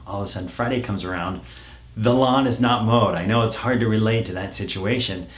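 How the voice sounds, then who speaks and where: A middle-aged man, a parenting coach, telling a family story in a calm storytelling manner and dropping to a hush when he quotes himself. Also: lowish voice, fairly quick, roomy sound. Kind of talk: storytelling advice talk.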